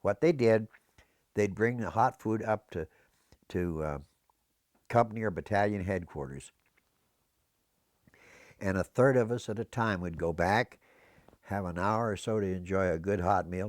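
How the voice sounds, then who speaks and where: An older man from America, a veteran, rambles through memories of his service in an oral history interview, often sidetracked by history. His voice is low, captured in clean studio sound without room sound.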